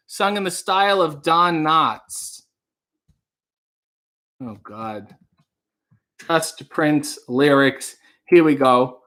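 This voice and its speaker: A man's voice: on the high side, animated, slow, long pauses, pushed and bright. A man hosting a casual livestream, telling rambling stories and reading out chat comments. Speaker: livestream host.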